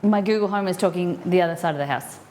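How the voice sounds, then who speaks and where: An Australian woman streaming live as she cooks at home, chatting to herself and her ingredients and breaking into excited squeals. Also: on the low side, quick pace, a little hiss or hum. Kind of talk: casual live-stream cooking chat. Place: home kitchen.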